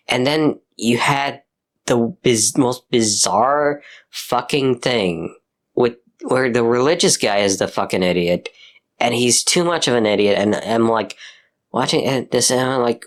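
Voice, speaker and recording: A young man in casual, profane ranting mode, exasperated and piling on fillers and restarts. His pitch sits in an ordinary middle range, often jumping high when he gets worked up. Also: measured pace. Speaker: commentator. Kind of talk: casual rant.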